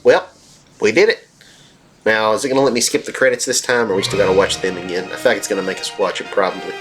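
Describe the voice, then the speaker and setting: A man's voice: lowish voice, steady tone, fast, fairly bright tone. A man hosting a let's play, rambling and cracking jokes in casual gameplay commentary, with plenty of fillers. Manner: rambling and jokey, with frequent fillers. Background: faint game music.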